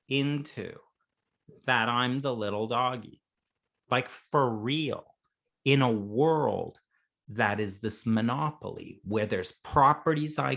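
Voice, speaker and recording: A male coach speaks slowly and without hurry, and his pitch swings widely from line to line. He is playful, laughs often and acts out small scenes as he talks. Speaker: coach and interview guest. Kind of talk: conversational coaching talk.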